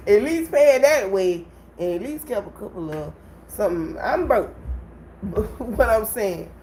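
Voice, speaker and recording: A woman vents to her livestream viewers, telling her story in an animated, conversational way. Her voice sits at a middle pitch, and a faint background noise runs under it. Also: slow pace, long pauses, low-quality recording. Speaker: livestream host. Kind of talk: casual livestream venting.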